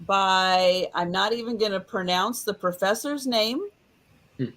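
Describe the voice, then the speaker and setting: A woman in a live chat, describing an item for sale in an unhurried, matter-of-fact way. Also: mid-range voice, a bit bright. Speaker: seller. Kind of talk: casual sales pitch.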